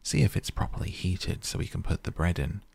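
A man's voice: low voice, big pitch swings, a little fast, creaky, darkish tone, breathy edge, exaggerated voice. A man reading the lines of a cruel, scolding old witch from a storybook. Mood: commanding.

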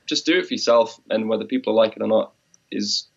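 A man's voice: on the low side, a little fast, gravelly, breathy edge. Rambling man on a dull lo-fi recording. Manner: rambling, reflective, acts out quoted voices. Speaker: musician co-host. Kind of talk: casual chat.

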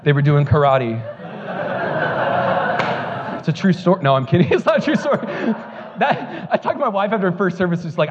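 A man's voice: sits high, very animated, fairly quick, long pauses, big-room sound, dull audio, heavy background noise. A male pastor preaching a sermon, telling joking stories before building to fervent preaching at a church service.

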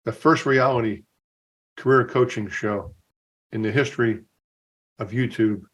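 A man's voice: mid-range voice, a little slow, fairly bright tone. A man, a recruiter and career coach, chatting enthusiastically as a podcast guest. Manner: enthusiastic, conversational, recounts stories. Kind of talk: casual podcast interview.

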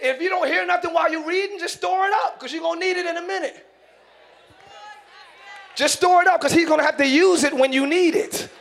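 A man pastor preaching a sermon in church, animated, acting out voices and shouting for emphasis. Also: very high-pitched. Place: church sanctuary.

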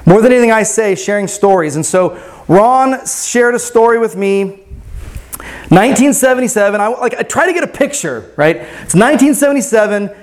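A man's voice: high voice, expressive, normal speed. A pastor telling a story to his congregation in a casual sermon, often checking in with "right?".

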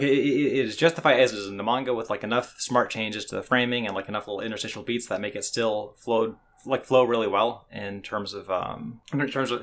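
A man talks quickly and casually, circling back over his own sentences with many fillers. His voice has a gravelly, fried edge, and he keeps the pace brisk as he works through his thoughts on a podcast. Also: fairly low pitch, a bit bright. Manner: rambling, many restarts and "like" fillers. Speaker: podcast co-host. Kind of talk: casual anime discussion.

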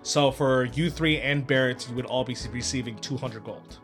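A man's voice: mid-range voice, normal speed, fairly bright tone, faint music behind. A man narrating a tabletop game as game master, in loose, filler-heavy talk.

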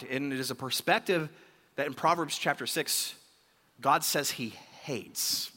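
Bright-voiced preacher in a reverberant hall. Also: male voice, on the high side, normal speed. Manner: animated storytelling, acts out the king's words. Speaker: pastor. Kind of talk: sermon.

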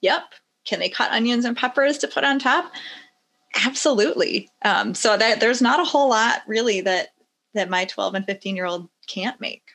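A woman's voice: a little high, normal speed. Emphatic woman guest on a podcast. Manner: enthusiastic, emphatic, animated when acting out stories. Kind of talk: casual interview chat.

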